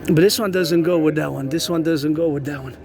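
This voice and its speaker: A man's voice: a little high, steady tone, a little fast, creaky. Rambling man on a noisy city street. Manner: rambling, repetitive, thinks aloud, chants cadences. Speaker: vlogger. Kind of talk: rambling walking vlog. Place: city streets outdoors with traffic. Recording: street noise behind.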